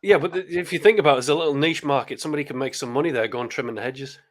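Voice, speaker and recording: A man in a casual podcast chat, tossing in quick jokes and laughing along. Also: a little high.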